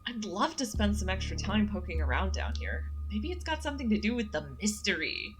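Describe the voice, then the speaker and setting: A woman's voice: medium pitch, sing-song, a little fast, background noise, natural voice. Woman doing a chipper ghost-hunting streamer girl. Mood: gleeful. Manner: chipper, gleeful about spooky things.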